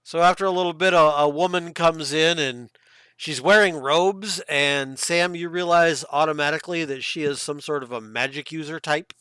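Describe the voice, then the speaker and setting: Game master guy, laid back and rambly, crisp voice. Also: on the high side, moderate pace, bright, forceful tone, no echo, clean studio sound. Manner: casual, rambling with fillers. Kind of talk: narrating a tabletop game.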